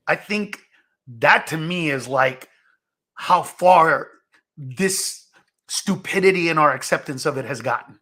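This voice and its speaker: A young man with a high, bright voice, talking like a stand-up comedian on a talk show. He presses his points insistently and swears freely. Sharp, lively storytelling. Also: takes it slowly. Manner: emphatic, insistent, profane.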